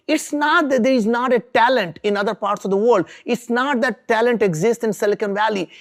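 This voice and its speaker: Earnest man giving a motivational talk. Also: high voice. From India. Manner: earnest, emphatic, repeats for stress. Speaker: entrepreneur speaker.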